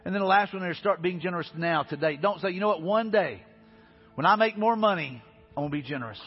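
A pastor preaching a sermon, earnest and repetitive, building to emphatic peaks. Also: male voice, high voice, lively intonation, fast talker, husky. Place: church sanctuary. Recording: dull reverberant church hall with faint music.

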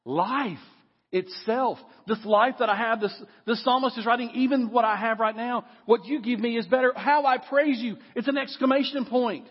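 A middle-aged man preaching a lively sermon in a church, dropping low for effect. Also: moderate pace, husky. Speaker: pastor. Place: church sanctuary. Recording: long hall reverb, dull lo-fi sound.

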